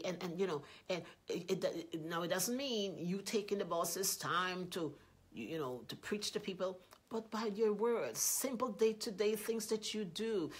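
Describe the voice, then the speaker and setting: A woman preaching a sermon earnestly, repeating key lines and voicing example prayers louder. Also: mid-range voice, a little slow, slightly rough. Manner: earnest, repetitive, rising loud when quoting prayers.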